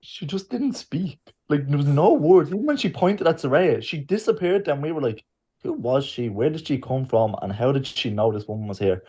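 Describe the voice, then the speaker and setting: A man's voice: fairly high pitch, moderate pace, husky. A man, a podcast co-host telling a story in casual chat and acting out the lines of the people in it. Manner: lively storyteller, acts out quotes.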